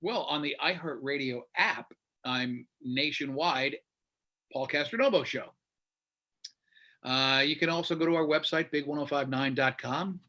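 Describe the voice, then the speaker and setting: A man's voice: on the high side, measured pace, pushed and bright. A man in his fifties, a radio host being interviewed, talking bluntly and with animation in casual chat. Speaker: radio show host, guest.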